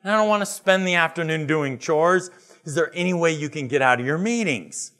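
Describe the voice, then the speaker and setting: A man's voice: on the high side, a little fast, a bit bright, pitched above the performer's own voice, natural voice. A man doing a whiny teenage boy. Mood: pleading. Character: whiny teenage boy pleading with his dad.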